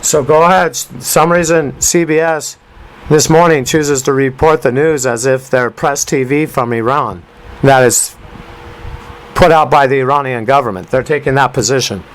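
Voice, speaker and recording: A man's voice: mid-range voice, moderate pace, rough recording. A man hosting a talk radio show, commenting on a news clip in an emphatic, rambling way with rhyming asides. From United States.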